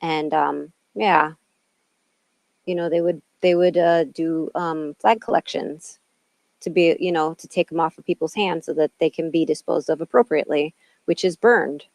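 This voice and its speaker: A woman's voice: low voice, steady tone, moderate pace, vocal fry, darkish tone, no echo. A middle-aged woman from Illinois, co-hosting a podcast in casual, rambling chat full of side tangents. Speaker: podcast co-host.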